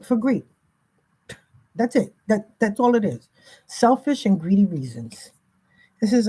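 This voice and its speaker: Husky woman doing a spiritual reading, emphatic and slangy, mid-pitched. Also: big pitch swings, measured pace, long pauses, dark tone. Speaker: spiritual reader.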